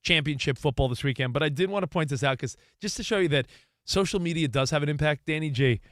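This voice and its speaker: A man co-hosting a sports talk radio show from a studio, bantering and teasing with quick jokes. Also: fairly high pitch, a bit bright, dry recording.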